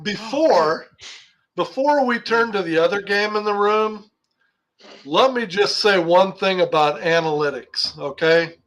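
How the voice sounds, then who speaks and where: A man's voice: high voice, animated, a little slow, fairly bright tone, rough recording. An older man co-hosting a sports talk show, ranting heatedly about a game. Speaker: podcast co-host.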